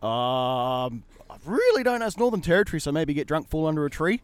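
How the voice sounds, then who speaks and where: Laid-back man with a smooth, higher voice. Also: very animated, a little fast, no room sound. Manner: laid-back, self-mocking. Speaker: shooting competitor. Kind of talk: casual interview answers.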